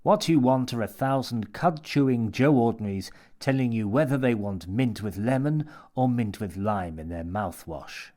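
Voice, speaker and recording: A man voicing a menacing, theatrical mad old man who talks in a smooth, coaxing, lecturing way. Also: medium pitch, normal speed, few pauses, warm tone, close to an everyday voice.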